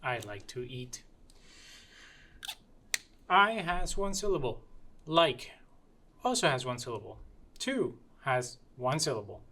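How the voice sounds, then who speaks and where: A woman's voice: rumbling low, very animated, a bit bright, slight background noise. A woman music teacher demonstrating a rhythm lesson in a playful way, chanting rhythm syllables. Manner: slow and deliberate. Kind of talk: classroom music lesson demo.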